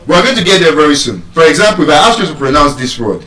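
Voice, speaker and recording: A man's voice: fairly high pitch, very animated, very fast, few pauses, fairly bright tone, reverberant, distant mic, rough recording. A Nigerian man teaching English word stress to a live audience, teasing them and asking questions.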